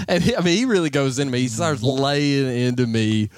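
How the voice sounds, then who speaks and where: A man's voice: medium pitch, brisk, few pauses, smooth, no room sound, studio quality. A man casually telling a funny story among friends, laughing often and acting out the people in it. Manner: animated, laughs often, acts out voices in his story.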